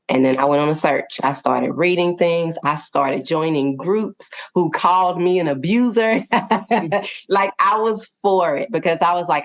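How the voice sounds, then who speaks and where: A woman's voice: sits low, normal speed. A woman guest on a podcast, telling her parenting story in an earnest, conversational way, laughing often and checking in with her listeners.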